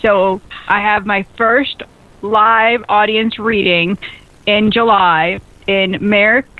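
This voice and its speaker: A woman hosting a radio show, chatty and excitable, quick to laugh. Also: medium pitch, no echo. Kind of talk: lively casual radio chat. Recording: phone-like narrow band radio sound.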